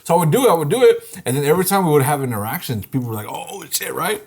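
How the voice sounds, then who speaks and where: A man's voice: on the high side, sing-song, rapid-fire, husky. A young man co-hosting a podcast, telling a laid-back story in casual chat and swearing freely. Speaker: podcast co-host.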